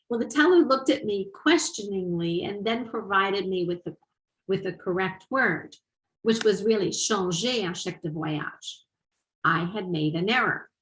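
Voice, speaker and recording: A woman's voice: medium pitch, a bit bright, roomy sound, poor audio. A middle-aged woman presenting at a teaching conference, explaining ideas and asking her audience rhetorical questions. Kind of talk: webinar lecture.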